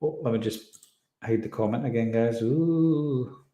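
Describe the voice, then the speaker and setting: A man's voice: medium pitch, fairly even intonation, fairly quick, dark tone. Man chatting in a roomy echo. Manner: chatty, rambling, frequent fillers. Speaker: live stream host. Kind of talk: casual live chat reading viewer comments.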